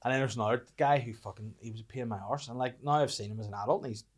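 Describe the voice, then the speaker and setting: A man's voice: mid-range voice, rapid-fire. A young man with a Northern Irish accent hosting a podcast, telling stories in casual chat with plenty of swearing. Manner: swearing, animated storytelling. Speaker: podcast host.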